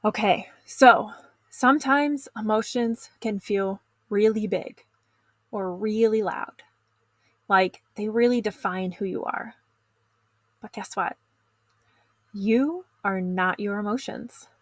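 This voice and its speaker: Calm encouraging woman coaching teens. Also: mid-range voice, takes it slowly, long pauses, no echo. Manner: calm, encouraging, talks straight to the viewer. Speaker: teen stress coach. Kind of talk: instructional video lesson.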